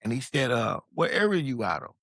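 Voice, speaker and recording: A man from Long Beach, California tells his story on a podcast in a casual, lively way, cursing freely and acting out the voices of people he quotes. He speaks briskly in a mid-range voice, recorded in clean studio sound with no room sound.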